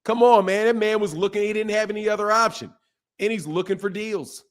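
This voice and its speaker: A man's voice: sits high, fairly even intonation, brisk. A man hosting a boxing talk stream, speaking bluntly and casually, repeating points for emphasis and reading from a live chat. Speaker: boxing channel host. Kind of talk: casual livestream commentary.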